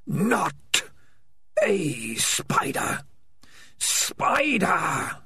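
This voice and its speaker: A man voicing a sinister rat-mind that whispers slowly and breathily inside a cat's head, in a storybook reading. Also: high-pitched, huge pitch swings, sharp tone, dry recording, voice pushed up, exaggerated voice. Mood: menacing. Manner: slow, breathy, menacing whisper.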